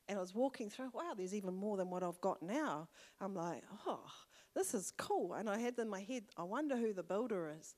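An older woman with a New Zealand accent preaches a personal testimony, lively and fervent with bursts of loud exclamation. Her voice sits at an ordinary pitch for a woman. The sound carries the long reverb of a church hall. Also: a little fast. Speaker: church elder. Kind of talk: sermon testimony.

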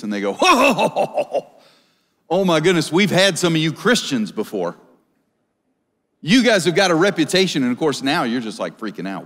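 A male pastor preaching a sermon, lively and acting out little scenes, sometimes dropping to a murmur. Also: a little high, in a large hall. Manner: animated preaching with acted-out quotes and dropping to a murmur. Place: large church auditorium.

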